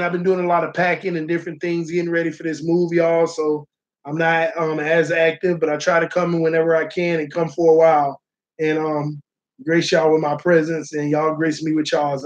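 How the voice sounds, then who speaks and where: High-voiced man hosting a sports livestream. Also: moderate pace, highs cut off. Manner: animated, talks straight to viewers. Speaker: sports channel host. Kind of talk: casual live-stream sports talk.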